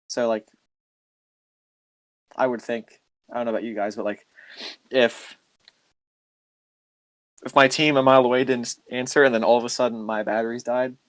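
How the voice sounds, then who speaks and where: A podcast host tells a story in a loose, rambling style packed with filler words during a casual chat. His voice is mid-range and the recording is dry.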